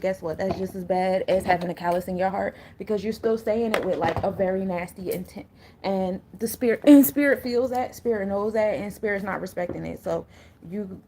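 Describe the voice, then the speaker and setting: A woman talks straight to her viewers as a spiritual coach and tarot reader. Her voice sits at an ordinary middle pitch, and she talks casually and bluntly, full of slang and joking asides. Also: vocal fry, mellow.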